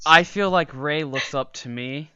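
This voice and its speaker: Bright, smooth-voiced long-winded man. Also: fairly high pitch, a little slow. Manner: chatty, long-winded, with many fillers. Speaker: podcast co-host. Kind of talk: casual chat. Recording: dull lo-fi podcast recording.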